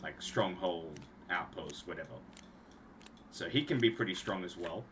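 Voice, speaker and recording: A man's voice: low voice, normal speed, a bit bright, a little hiss or hum. A young man, rambling casually on a livestream as he shows off card designs he made, trailing off and restarting often. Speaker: streamer and card game designer.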